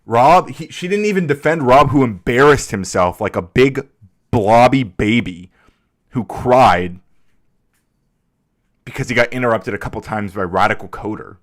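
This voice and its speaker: A man's voice: medium pitch, animated, normal speed. A man hosting a live stream, giving heated, emphatic commentary. He swears freely and often repeats himself as he talks. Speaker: streamer host.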